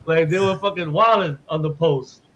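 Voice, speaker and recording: A man's voice: a little high, normal speed, fairly bright tone, lo-fi sound, a little hiss or hum. A man hosting a podcast in loose, joking casual chat, swearing freely. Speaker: podcast host.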